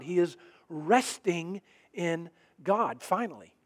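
A middle-aged man preaching a sermon, telling a story earnestly and swinging from emphatic lines to hushed ones. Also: high voice, normal speed. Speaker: pastor.

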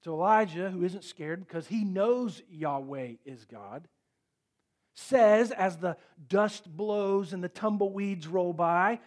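High-voiced man preaching with lively swings. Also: slow. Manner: animated storytelling preaching, drops to quiet for emphasis. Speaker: pastor. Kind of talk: sermon.

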